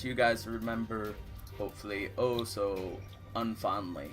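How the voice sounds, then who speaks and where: Guy dm narrating a tabletop game, mid pitch voice, laid back with lots of ums. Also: unhurried, over music. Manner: relaxed, with frequent ums and uhs. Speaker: dungeon master.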